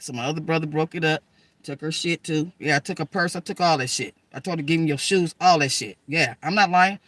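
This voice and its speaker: A woman telling personal stories in an animated, emphatic way, with slang, swearing and asides to listeners. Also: deep voice, no room sound. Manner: animated, emphatic, addresses listeners as girl and y'all; slangy, profane, rambling. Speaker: storyteller. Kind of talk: casual personal storytelling.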